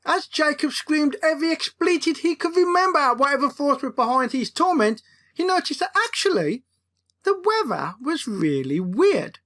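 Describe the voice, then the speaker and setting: Woman author, playful comic audiobook reading, higher voice, very lively. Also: normal speed. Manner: expressive, playful. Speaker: author reading her own book.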